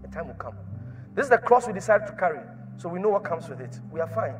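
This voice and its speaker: A man with a high voice preaches a sermon, repeating his lines over and over. He drops to a near whisper, then rises to a shout. Soft music plays faintly underneath. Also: big pitch swings, quick pace. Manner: repetitive, swings from hushed to shouting.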